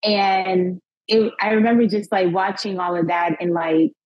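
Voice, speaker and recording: A young woman guest telling a personal story in an interview, animated and acting out what people said, often breaking into laughter. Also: mid-range voice, a little slow. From United States. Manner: animated retelling, acting out quotes, frequent laughs and "like". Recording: dull lo-fi podcast sound.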